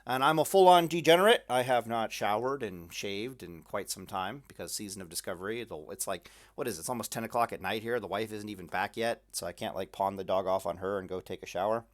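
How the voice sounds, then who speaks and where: A man's voice: fairly low pitch, a little fast, few pauses. A man casually rambling in a vlog from his room at night, full of fillers and dry self-mocking jokes. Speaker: gaming video creator.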